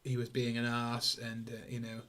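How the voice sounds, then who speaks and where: A man's voice: medium pitch, completely flat delivery, normal speed, a bit bright. A man co-hosting a podcast, chatting casually and rambling about a film with lots of fillers. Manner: rambling, many fillers, acts out quotes in silly voices. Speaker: podcast co-host. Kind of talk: casual film review chat.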